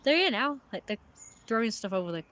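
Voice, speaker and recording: A woman's voice: on the high side, sing-song, brisk, fairly bright tone, dull audio, slight background noise. A woman giving casual live-stream commentary, rambling and often repeating herself with filler words.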